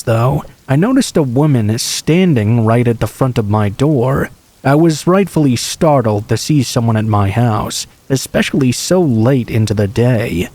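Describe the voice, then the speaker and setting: A man calmly reading true scary stories aloud as a steady, scripted horror narration. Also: medium pitch.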